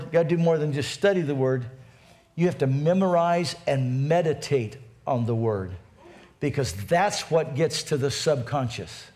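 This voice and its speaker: A male pastor preaching a sermon with fervent energy, dropping to a hush and then rising to shouts. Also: fairly high pitch.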